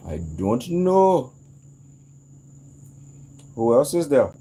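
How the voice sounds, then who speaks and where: A man in a casual, rambling monologue, animated and profane, jumping into sudden high outbursts. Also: drawn-out words. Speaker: vlogger.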